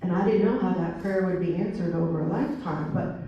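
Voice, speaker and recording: A woman in her sixties giving a talk to students, telling a story with lively acted-out dialogue. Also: lowish voice, brisk, dull audio, a little hiss or hum. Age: 60s. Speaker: motivational speaker. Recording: very echoey hall, speaker far from mic.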